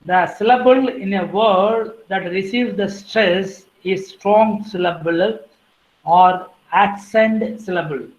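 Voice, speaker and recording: Female lecturer, measured and unhurried, reading out terms; roomy, muffled recording. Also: medium pitch, a little mellow. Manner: deliberate, lists terms one by one, clears throat now and then. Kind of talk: academic lecture on phonetics.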